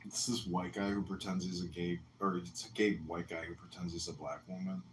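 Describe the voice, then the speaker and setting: A man's voice: sits low, little pitch movement, fairly quick. A man hosting a casual audio room chat, full of crude mocking jokes. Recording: roomy echo, faint noise.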